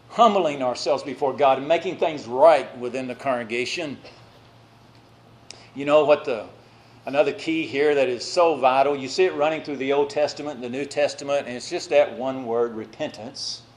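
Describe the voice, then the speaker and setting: Speaking at a medium pitch, a male preacher moves between loud exhortations and soft, stretched-out phrases during his sermon, pausing for casual asides to the congregation.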